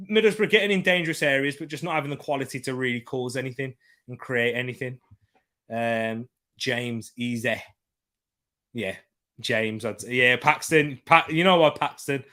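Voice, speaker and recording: Male host, casual live football watchalong commentary, rambling and repetitive, mid-pitched voice, chatting with his viewers. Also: animated, moderate pace, sharp tone. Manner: rambling, repeats himself, reads out chat comments.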